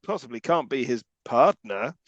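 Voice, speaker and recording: A man's voice: medium pitch, big pitch swings, moderate pace, a bit bright, no room sound, muffled recording. A man co-hosting a film podcast, making dry sarcastic jokes in casual chat. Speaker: podcast co-host.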